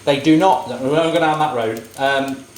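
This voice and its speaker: A man in his thirties films himself cooking in a home kitchen, chatting casually and rambling through jokey, opinionated rants as frying sizzles behind him. His mid-range voice moves at a moderate pace, in an echoey room with slight background noise.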